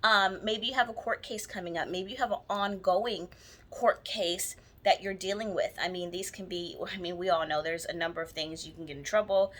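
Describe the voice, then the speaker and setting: A spiritual practitioner teaches jar spells in a casual how-to video, talking to camera in a chatty, rambling way full of ums and restarts. Her voice sits on the low side, steady and a bit bright, at a normal speed, and she's clearly enthusiastic about her own work.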